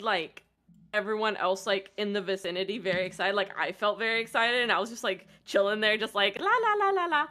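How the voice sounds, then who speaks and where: A young woman co-hosting a stream, chatting casually and giggly with many fillers. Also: medium pitch. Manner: giggly, filler-heavy, soft trailing phrases. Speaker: co-host friend. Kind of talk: casual chat.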